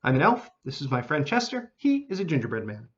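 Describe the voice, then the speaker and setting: A man putting on a squeaky, sing-songy little elf. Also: wildly swooping pitch, fast, highs cut off. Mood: earnest. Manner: earnest and urgent. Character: small squeaky pleading male elf.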